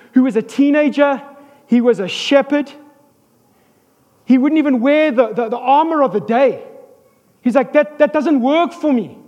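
A man preaching an animated sermon as a pastor, with joking asides and calls for amens. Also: very high-pitched, big-room sound.

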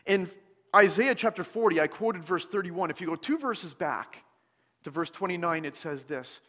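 A man preaching a sermon in a church, speaking slowly and deliberately with many pauses, often dropping to a soft, hushed tone. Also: sits high, animated, big-room sound. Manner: slow, deliberate delivery with frequent pauses, dropping softer on scripture. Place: church sanctuary.

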